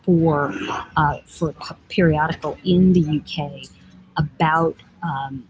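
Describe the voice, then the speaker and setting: Speaking slowly and steadily in a deep voice, a US livestream host and oracle deck author chats from an airport lounge. She reads out viewer comments in a teasing, digressive, rambling way, over poor audio with a faint hiss or hum.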